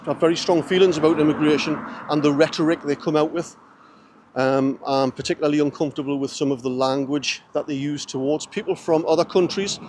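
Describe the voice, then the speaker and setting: A man from the north of England talks earnestly to his camera as he walks through the city. His voice sits a little high, and he speaks in measured phrases with frequent pauses and restarts. A faint hiss runs underneath the outdoor recording. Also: darkish tone. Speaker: vlogger. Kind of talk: walking commentary vlog.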